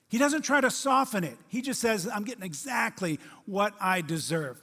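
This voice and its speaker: A man preaching a sermon as pastor, animated and acting out the voices he quotes, swinging from loud to hushed. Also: high-pitched, moderate pace. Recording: long hall reverb.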